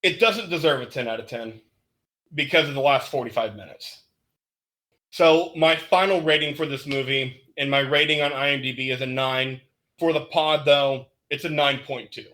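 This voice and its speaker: A man's voice: medium pitch, normal speed, pushed and bright. A man co-hosting a movie podcast in casual chat, blunt and emphatic, swearing now and then. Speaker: podcast co-host.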